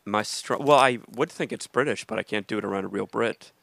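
A man's voice: lowish voice, brisk, creaky, a bit bright, dry recording. An American man co-hosting a podcast, chatting casually in a rambling, easygoing way, laughing often. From United States. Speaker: podcast co-host. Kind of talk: casual chat. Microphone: studio mic at a soundboard.

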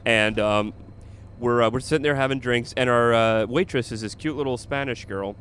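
A man's voice: mid-range voice, normal speed, fairly bright tone, a little hiss or hum. A man, a comedian, telling a funny story in casual chat and laughing along as he goes. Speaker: comedian and podcast host.

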